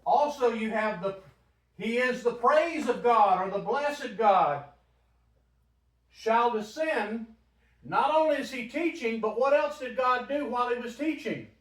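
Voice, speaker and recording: A man's voice: extremely high pitch, expressive, measured pace. A man teaching a Bible study in a church room, talking conversationally and putting questions to the group. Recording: roomy, from a distant mic.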